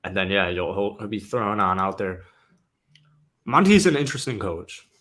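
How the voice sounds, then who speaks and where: A man's voice: lowish voice, expressive, normal speed, fairly bright tone. A man co-hosting a basketball talk show, casual and laid-back, often stumbling and restarting his sentences.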